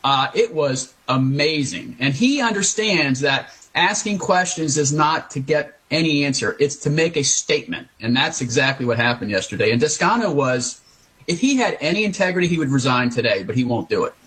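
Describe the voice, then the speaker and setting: A man's voice: fairly high pitch, lively intonation, normal speed, a bit bright, breathy edge, poor audio. A man appearing as a legal analyst guest on a talk radio show, giving blunt, combative commentary.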